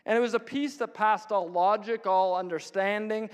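A man's voice: high-pitched, fairly even intonation, normal speed, smooth. A man preaching a sermon, telling stories with frequent chuckles and acting out the voices of others. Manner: storytelling, chuckles often, plays out voices of others. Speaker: pastor. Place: church hall. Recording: long hall reverb.

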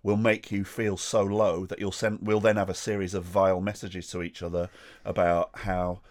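A man in casual podcast chat, lively and sweary, laughing often and doing mocking impressions. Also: sits low, normal speed. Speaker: podcast co-host.

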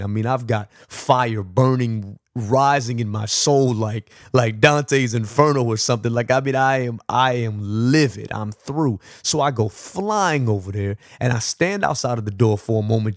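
A man hosting a podcast, telling a personal story with animated, acted-out dialogue and frequent laughs. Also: mid-range voice, dry recording, studio quality. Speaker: podcast host.

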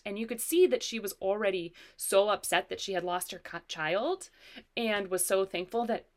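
Speaking at medium pitch and a moderate pace, this podcast co-host reflects earnestly as she tells stories in a relaxed chat about parenting.

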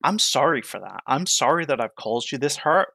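A man speaking at a mid pitch into a podcast mic, close and dry with no room sound. He talks candidly and reflectively, pausing often and restarting his sentences as he works through his thoughts. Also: very animated, vocal fry, bright, forceful tone, dry recording. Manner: reflective, halting, many fillers and restarts. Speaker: podcast guest. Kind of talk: candid interview conversation.

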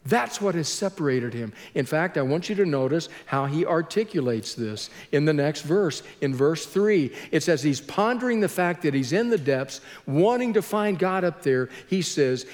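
A man preaching a sermon as pastor, slow and earnest, with heavy pauses between phrases. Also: fairly high pitch, animated, in a large hall.

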